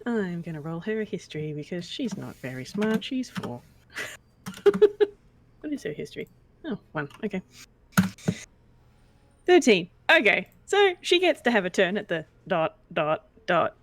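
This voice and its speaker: A woman player in a tabletop game who speaks hesitantly, with soft exclamations and pauses. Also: fairly low pitch, very animated, a little hiss or hum.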